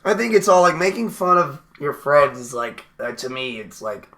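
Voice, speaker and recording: A man's voice: on the high side, sing-song, normal speed, a bit bright. A young man co-hosting a podcast, rambling in casual banter with lots of "like" fillers and frequent laughs. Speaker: podcast co-host.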